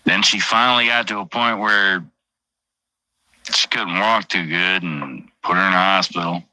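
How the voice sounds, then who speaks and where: A man's voice: low-pitched, steady tone, measured pace, bright, forceful tone, dry recording, low-quality recording. A man telling a personal story on a casual livestream, blunt and heavily profane, often repeating his phrases. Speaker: livestream host.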